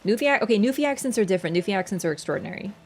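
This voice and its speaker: A woman's voice: mid-range voice, expressive, racing, darkish tone. A young woman from Canada chatting casually with her livestream viewers, rambling with lots of fillers. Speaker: streamer.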